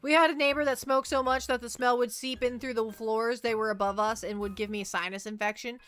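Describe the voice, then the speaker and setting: A woman streaming as a VTuber, chatting casually in a rambling, animated way and reacting to her chat. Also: a little high, a little fast, faint music behind. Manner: rambling, animated storytelling, reads chat aloud.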